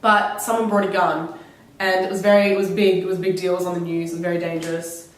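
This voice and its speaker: Speaking fairly low and quickly, a young Australian vlogger who has a cold chats about her travels. Her storytelling is casual, enthusiastic and full of laughter, with put-on voices for quotes. The mic is distant in a very echoey room.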